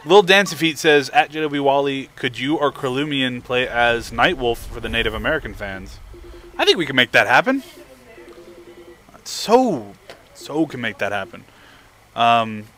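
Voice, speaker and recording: A man's voice: mid-range voice, pushed and bright. Upbeat young man reading chat. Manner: upbeat, reads viewer messages aloud. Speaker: livestream host. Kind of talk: casual live stream chat.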